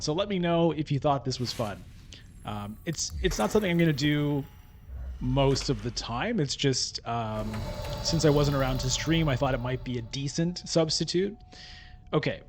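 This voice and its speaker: A man's voice: mid-range voice, slight background noise. Man musing over a board game. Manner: thinking aloud, musing. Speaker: gameplay streamer. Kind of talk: casual gameplay commentary.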